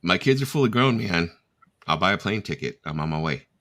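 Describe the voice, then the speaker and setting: Deep-voiced, bright-toned male stream host. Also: brisk, no echo, studio quality. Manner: animated storyteller who laughs at his own jokes. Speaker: host of a live chat stream. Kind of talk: casual live-stream chat, reading viewer comments.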